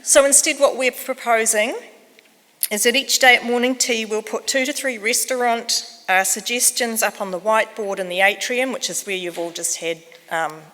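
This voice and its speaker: Bright-voiced woman in an echoey hall. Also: fairly high pitch, normal speed. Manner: chatty, self-deprecating, with frequent ums. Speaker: conference organizer. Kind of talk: housekeeping announcements to an audience. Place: conference hall. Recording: echoey hall with long reverb.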